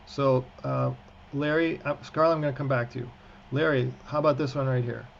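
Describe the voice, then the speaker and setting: A man's voice: medium pitch, fairly even intonation, a little fast, creaky. A man teaching prayer-book Hebrew in an online class, encouraging his students and often restarting his sentences. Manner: encouraging, frequent fillers and restarts. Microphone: video call. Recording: muffled video-call audio with faint hiss.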